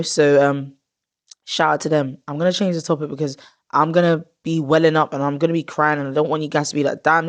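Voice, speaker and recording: A young woman hosting a podcast, talking casually in a rambling, heartfelt way with lots of fillers and self-corrections. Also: low-pitched. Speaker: podcast host.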